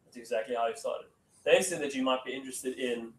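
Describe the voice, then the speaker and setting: A man's voice: mid-range voice, fast, a little hiss or hum. A man giving a casual sales training talk to a room. He keeps saying "okay" and acts out phone calls. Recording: echoey room, mic from far off.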